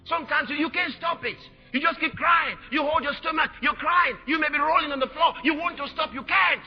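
A man preaching a sermon, shouting and repeating his exhortations. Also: extremely high pitch, big-room sound. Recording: dull lo-fi sermon recording.

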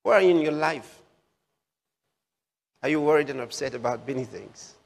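A man preaching a sermon slowly, repeating key phrases for emphasis with drawn-out pauses. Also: a little high, creaky. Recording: long hall reverb.

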